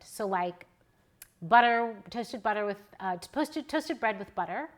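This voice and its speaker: A woman in her forties, a newborn photographer and educator, telling animated personal stories to an audience in a casual way. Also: fairly high pitch, moderate pace. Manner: animated, chatty, personal anecdotes. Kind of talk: casual storytelling to a live audience.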